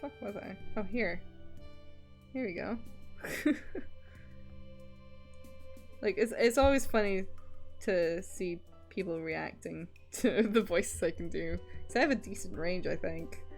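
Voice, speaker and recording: A young woman chats casually on a drawing stream, taking it slowly, pausing often, and rambling through her thoughts with lots of ums and likes. Her voice is middle-pitched; she laughs often and swears freely, while faint music plays quietly in the background.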